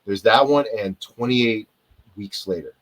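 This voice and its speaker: A male actor with a lowish voice tells stories at an unhurried pace as a guest on a video-call interview, and the audio is poor. He rambles and digresses, often losing his point before finding it again, in casual live-interview storytelling.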